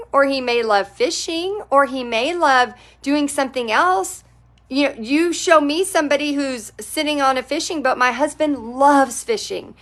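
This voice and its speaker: A woman's voice: sits high, a bit bright. A woman who teaches painting, hosting a live stream and talking casually to viewers in a chatty, encouraging manner.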